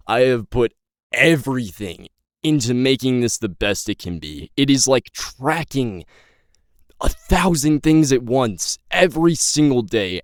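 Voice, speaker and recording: A nineteen-year-old man, a YouTube creator and novelist, talks to his viewers in an impassioned, rambling personal update full of swearing and stumbles. His voice is mid-range, and the clean studio recording has no echo.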